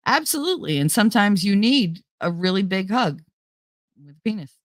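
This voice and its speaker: A woman with a West Indian accent, hosting a casual podcast and telling stories in an animated, profane way, mocking people in put-on voices. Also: medium pitch, normal speed, no room sound, studio quality. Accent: West Indian, thicker when angry. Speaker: podcast host. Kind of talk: casual storytelling rant.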